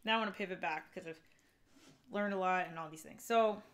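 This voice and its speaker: Woman, lower voice, young adult, casual live-stream host, rambling chatter. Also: a little fast. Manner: chatty, rambling with fillers and restarts.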